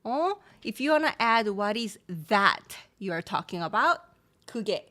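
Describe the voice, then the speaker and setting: A woman teaching a live-streamed language lesson, explaining in English and quickly modeling Korean phrases while reading viewer comments and laughing easily. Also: mid-range voice, lively intonation, sharp tone.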